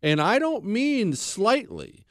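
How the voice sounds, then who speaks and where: Blunt, animated male talk host. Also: high-pitched, slow pace, dry recording, clean studio sound. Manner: emphatic, blunt, repeats phrases for stress. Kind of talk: opinionated history monologue.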